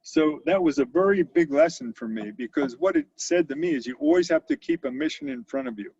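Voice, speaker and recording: A man's voice: a little high, sing-song, brisk, creaky, a little mellow, husky, no room sound. A man in his sixties, a company CEO, telling stories in a conversational interview, with lots of fillers and restarts. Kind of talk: storytelling in an interview. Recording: dull lo-fi audio.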